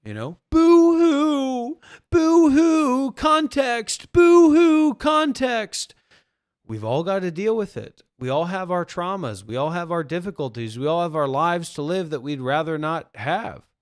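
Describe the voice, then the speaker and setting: A man's voice: a little high, lively intonation, moderate pace, few pauses, no room sound, studio quality. A man who teaches spirituality, talking bluntly and profanely to viewers on a livestream. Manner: blunt and profane, acting out quoted voices.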